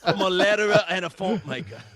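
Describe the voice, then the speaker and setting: A man's voice: high voice, steady tone, brisk, a loud crowd, close to an everyday voice. A man putting on a mock-formal British accent to voice a small, limping boy who is grizzled for his age. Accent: British, put on. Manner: mock-formal, stagey, laughing through it.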